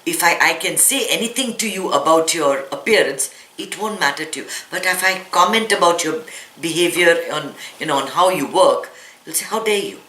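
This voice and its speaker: A woman's voice: fairly low pitch, normal speed, sharp tone. A woman meditation teacher giving a spiritual talk to a live audience, earnest and explaining, often asking rhetorical questions. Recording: echoey room with faint ambience.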